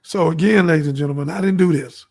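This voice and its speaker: A man with a fairly high voice talks fast. He hosts his own show, giving a fervent, preachy monologue as a storyteller who acts out the dialogue in his stories.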